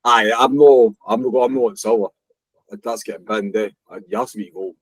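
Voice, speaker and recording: A Scottish man co-hosting a running podcast, blunt and quick with quips. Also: lowish voice, steady tone, slightly rough, no echo, poor audio. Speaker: podcast co-host. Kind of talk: casual chat.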